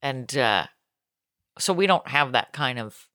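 A woman co-hosting a podcast, joking and playful in easy chat. Her voice sits low but has a bright, forceful edge. The mic is close and dry, with no room sound. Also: expressive, no room sound. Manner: joking, playful, bursts into a fast auctioneer voice. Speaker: podcast co-host. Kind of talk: casual chat.

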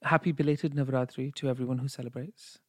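A man's voice: mid-range voice, fairly even intonation, fast talker, dry recording. A man co-hosting a podcast, chatting in a camp, playful, teasing way into a studio microphone. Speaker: podcast co-host. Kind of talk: casual chat.

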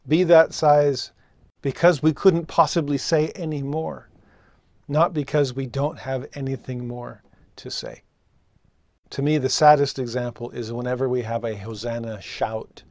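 A man giving an earnest scripture lesson, slowing down on key words for emphasis. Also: mid-range voice, a little mellow, no room sound. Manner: earnest, emphatic, slows down for stress. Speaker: scripture teacher.

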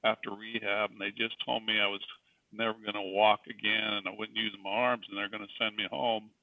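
A man's voice: on the low side, flat delivery, a little fast, dry recording. A middle-aged man, a guest telling a personal faith story in an earnest, emphatic way. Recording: distant, tinny phone-like sound.

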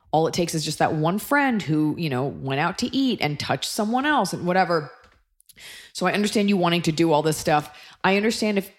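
A woman in her thirties co-hosting a casual advice chat, blunt and emphatic with quick asides. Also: low-pitched. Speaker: podcast co-host giving advice.

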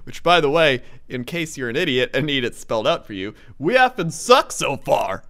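A man's voice: mid-range voice, big pitch swings, moderate pace, fairly bright tone. A man giving an exaggerated comedic reading of an angry email, swapping curse words for "effing" and breaking into laughter now and then. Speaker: reader of a viral email. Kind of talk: dramatic comedic reading aloud.

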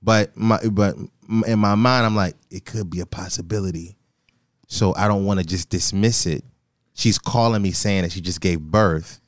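A man telling a personal story in casual chat, animated and quoting himself. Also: low-pitched, normal speed, no echo, clean studio sound. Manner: animated, quotes himself in a raised voice. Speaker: guest telling his story.

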